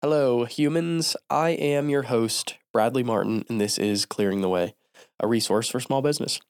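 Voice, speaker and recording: A man's voice: mid-range voice, moderate pace, clean tone, dry recording, studio quality. A man hosting a small business podcast, talking casually with a stuffy, nasal voice from a cold and lots of ums. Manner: relaxed, many ums and uhs. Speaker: podcast host. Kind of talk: casual solo podcast talk.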